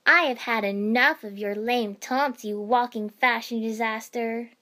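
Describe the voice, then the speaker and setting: A woman reading the lines of a hot-tempered young female ninja, shouting indignantly. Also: fairly high pitch, fairly even intonation, measured pace. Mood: furious.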